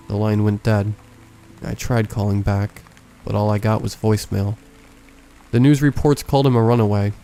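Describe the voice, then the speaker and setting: A man with a low, mellow voice narrates a horror story in a measured, hushed way. Soft music plays faintly underneath his scripted reading. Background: faint background music.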